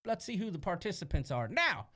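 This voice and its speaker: A Midwestern American man co-hosting a casual live-stream chat, jokey and animated, reading out viewer comments. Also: high voice, fairly quick. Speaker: co-host.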